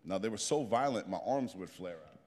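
Animated storytelling man in his fifties. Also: lowish voice, a little fast, big-room sound. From New Jersey. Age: 50s. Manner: animated, plain-spoken storyteller. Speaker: guest speaker. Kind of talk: storytelling talk to a group.

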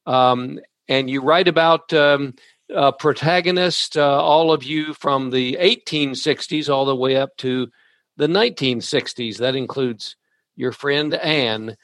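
A man hosting a podcast interview, speaking haltingly with frequent restarts. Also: medium pitch, fairly bright tone, no echo. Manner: halting, many fillers and restarts. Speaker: podcast host.

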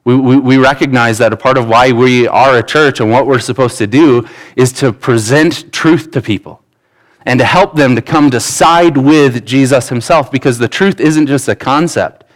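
A man's voice: medium pitch, normal speed, low-quality recording. Man preaching a casual, earnest sermon. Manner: earnest, conversational preaching with asides and restarts. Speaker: pastor.

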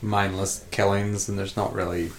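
A man on a podcast, reflecting in a halting way and often restarting his thoughts. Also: fairly low pitch, flat delivery, slight background noise. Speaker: podcast co-host. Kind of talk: casual chat.

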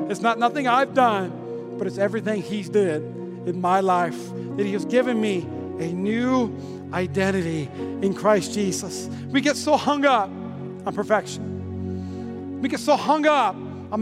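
A man preaching a sermon as a pastor in church, lively, with playful asides to the congregation. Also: high-pitched, moderate pace, long reverb tail. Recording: music playing behind.

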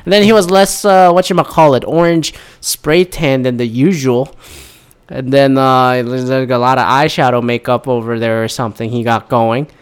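A man's voice: medium pitch, steady tone, normal speed, clean tone. A man in a casual, rambling monologue, profane and sarcastic, a little tired as he winds down from caffeine. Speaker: vlogger.

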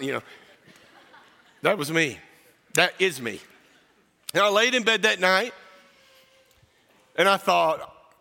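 A man's voice: high-pitched, lively intonation, takes it slowly, gravelly, pauses often, pushed and bright, long reverb tail. A man from South Texas, preaching as a guest pastor and telling a personal story in a folksy way that jokes with the congregation. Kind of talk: storytelling sermon. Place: church sanctuary.

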